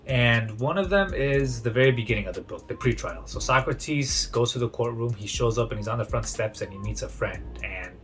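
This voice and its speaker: A man's voice: mid-range voice, expressive, fairly quick, few pauses, fairly bright tone, soft background music. A young man casually summarizing a book he read, in a chatty retelling full of "he's like" and restarts. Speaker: book reviewer.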